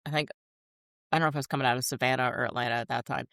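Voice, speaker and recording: A woman's voice: extremely low pitch, fairly even intonation, rapid-fire, vocal fry, fairly bright tone, no echo, clean studio sound. A woman in her fifties chatting casually as a co-host, laughing often and telling stories with animation. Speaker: podcast co-host. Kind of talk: casual chat.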